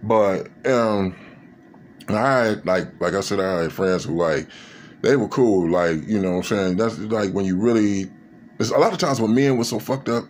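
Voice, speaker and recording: A man's voice: fairly low pitch, slight background noise. A man talking to camera in a casual reflective monologue, rambling and profane, with many fillers. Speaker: vlogger.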